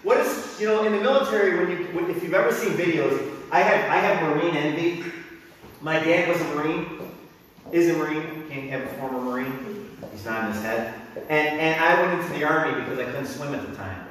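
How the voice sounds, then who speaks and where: A middle-aged man preaching a sermon as pastor, animated and bursting into shouts when he acts out crowds and drill sergeants. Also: a little high, fairly quick, slight background noise. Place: church sanctuary. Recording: echoey hall, mic from a distance.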